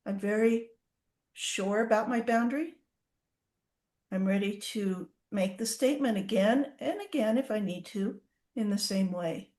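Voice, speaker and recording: Animated woman horse trainer, echoey room. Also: medium pitch, measured pace. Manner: animated, acts out horses' reactions. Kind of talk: casual storytelling in an interview.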